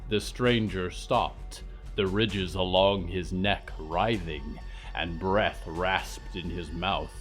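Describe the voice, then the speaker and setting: A man narrating a scripted fiction story in a calm, even voice. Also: deep voice, takes it slowly, faint music behind.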